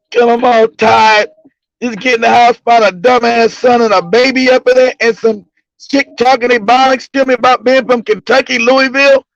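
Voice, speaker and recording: Male host, profane, mocking storyteller; gravelly and dry, lo-fi sound. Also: very high-pitched, steady tone, moderate pace, no room sound. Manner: profane, laughs often, mocking. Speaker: livestream show host. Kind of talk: casual comedic storytelling. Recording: dull lo-fi recording.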